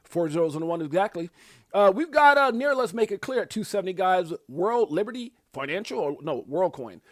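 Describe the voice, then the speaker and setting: A fired-up male host running a live crypto show, his voice sitting a bit high for a man. He jumps into loud, hyped bursts full of slang and repeated words. The sound is dry and close, with no room echo. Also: brisk. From Brooklyn, USA. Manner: excitable, loud bursts of hype, slang, frequent repeats and laughs. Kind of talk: live crypto market commentary.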